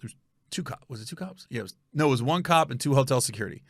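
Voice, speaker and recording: A man hosting a comedy podcast, telling a funny story with animated energy and loud reenactments. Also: quick pace, dry recording. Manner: animated storyteller, bursts into high shouted yelling when reenacting.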